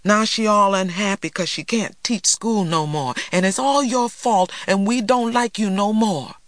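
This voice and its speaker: A man's voice: sits high, a little slow, a bit bright, no echo, pitched above the performer's own voice. A man reading a storybook aloud and voicing an easygoing small boy who speaks plainly and earnestly.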